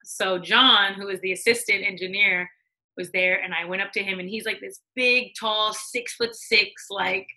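Bright-voiced woman telling stories. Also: mid-range voice, moderate pace, low-quality recording. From United States. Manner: animated, acts out quoted voices, laughs often. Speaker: guest, music executive. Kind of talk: casual interview storytelling.

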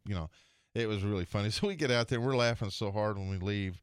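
Lowish male golf storyteller on radio. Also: quick pace, clean tone, no echo, clean studio sound. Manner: animated storyteller doing character voices. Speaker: golf radio show regular, tour pro. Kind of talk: casual storytelling chat. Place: radio studio.

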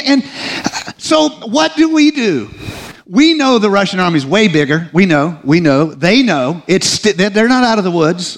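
Man, high-pitched voice, live talk, conversational, joking asides, halting restarts. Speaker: speaker addressing an audience.

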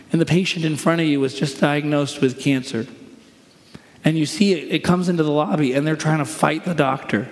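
Preaching man in a reverberant hall. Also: a little high. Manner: conversational preaching with acted-out quotes. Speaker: pastor. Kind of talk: sermon.

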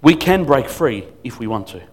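A man preaching as a guest speaker at a church service, emphatic, swinging between loud declarations and quiet asides. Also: medium pitch, expressive, moderate pace. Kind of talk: sermon.

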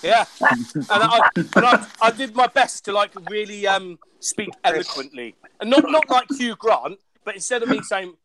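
A young man with an English accent, animated and quick to laugh, chatting casually as a guest and poking fun at his own common way of speaking. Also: high voice. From England. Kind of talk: casual chat.

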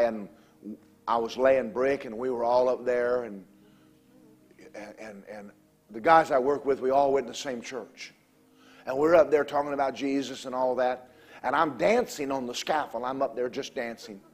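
A man preaching a revival sermon, telling stories, shouting at times and calling for amens. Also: medium pitch, fairly even intonation, normal speed.

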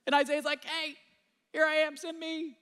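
A man preaches with an animated, chatty delivery, his voice high for a man and bright in tone. His words ring out through the long reverb of a large hall. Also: normal speed. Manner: animated, conversational preaching with many fillers. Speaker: pastor. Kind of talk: sermon.

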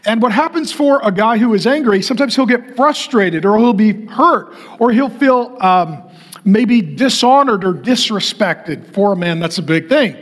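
A man's voice: sits high, lively intonation, normal speed. A middle-aged man from North Dakota preaching a sermon to men in a direct, conversational way, asking the crowd to raise their hands. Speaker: pastor.

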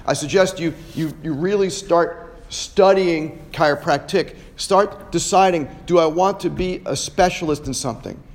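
Man, podcast host, pep talk to students, forceful, tag question "right?" everywhere, fairly high voice. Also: normal speed, hardly any pauses. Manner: emphatic, repeats "right?" often.

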